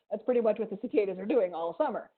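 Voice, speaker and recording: A museum educator with a mild Ohio accent gives an animated, playful science lesson to children over a video call, adding little sound effects. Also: female voice, mid-range voice, rapid-fire, husky. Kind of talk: live online science lesson for kids. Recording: tinny video call audio.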